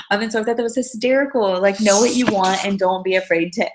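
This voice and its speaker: A woman's voice: mid-range voice, quick pace, few pauses. A young woman giving a casual motivational talk as a team leader, telling stories in a chatty way with many fillers. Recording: roomy echo.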